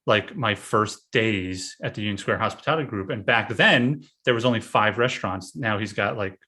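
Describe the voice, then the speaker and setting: A man talking casually on a podcast, halting with many fillers and restarts. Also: fairly low pitch, pushed and bright, husky. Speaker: podcast host, guest this episode. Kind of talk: casual conversation.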